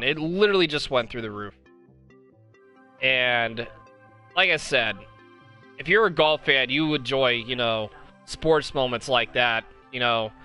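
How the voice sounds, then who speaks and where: Young man, podcast host, bright forceful voice, rambling and excited, faint music underneath. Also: mid-range voice, smooth. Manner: rambling, enthusiastic, many fillers and restarts. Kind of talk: casual live-stream podcast talk.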